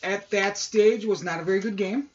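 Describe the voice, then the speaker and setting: Guy rambling thru an animated story on a podcast, kinda dull lo-fi sound. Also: high-pitched, moderate pace, slight background noise. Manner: animated anecdote-telling, acts out quoted voices. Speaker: podcast co-host. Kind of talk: casual storytelling chat. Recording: dull lo-fi audio.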